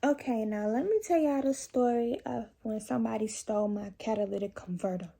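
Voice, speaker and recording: A young woman telling a profane, animated storytime to her viewers in a casual vlog. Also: on the high side, brisk, creaky, slightly rough. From Chicago area. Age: young adult. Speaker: vlogger.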